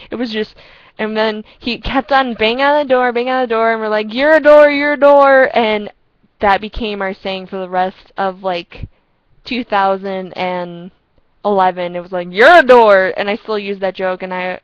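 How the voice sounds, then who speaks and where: A young woman casually telling rambling, excitable stories to a friend over a headset, often breaking into laughter. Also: mid-range voice, dry recording, dull audio. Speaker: storyteller chatting with a friend. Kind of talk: casual storytelling chat. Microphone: earpiece headset.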